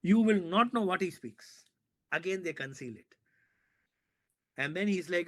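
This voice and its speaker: A man, a filmmaker from India, talking in an interview and excitedly retelling a film scene with sound effects and repetition. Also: sits high, measured pace. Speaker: filmmaker guest. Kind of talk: animated storytelling in an interview.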